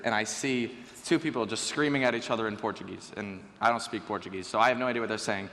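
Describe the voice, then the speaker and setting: Bright-voiced teenage boy in a hall. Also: mid-range voice, quick pace, few pauses. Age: teens. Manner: lively, joking, conversational. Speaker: student speaker. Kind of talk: stage talk to an audience. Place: school auditorium. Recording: reverberant hall with faint ambience.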